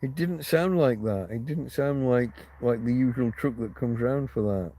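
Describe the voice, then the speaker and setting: Mellow-voiced man rambling on a livestream. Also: medium pitch, moderate pace. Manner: meandering, answers viewer comments. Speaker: livestream host. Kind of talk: casual rambling chat with viewers.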